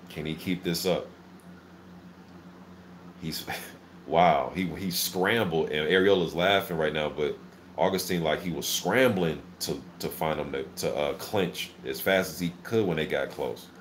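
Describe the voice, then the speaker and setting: A man hosting a casual live boxing reaction, calling the action play-by-play in an excitable, filler-heavy way. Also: deep voice, a little hiss or hum. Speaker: boxing channel host. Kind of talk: live fight commentary reaction.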